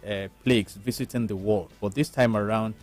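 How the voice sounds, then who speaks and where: A man, a lawyer on a panel, explaining his views in a measured, lecturing way. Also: lowish voice, fairly even intonation, darkish tone, soft background music. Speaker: lawyer guest. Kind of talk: panel discussion.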